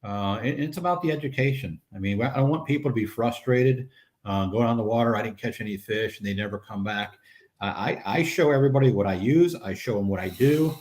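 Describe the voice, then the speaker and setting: A man's voice: mid-range voice, brisk, darkish tone. A man who leads a fishing club, talking earnestly in a casual chat, with many fillers. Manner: earnest, repeats "I mean" and "uh". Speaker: crappie club leader.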